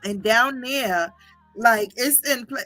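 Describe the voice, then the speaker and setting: Woman, casual gossip stream, bright forceful voice, faint music behind. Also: fairly high pitch, takes it slowly. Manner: animated, profane, laughing often. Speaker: livestream host reading chat.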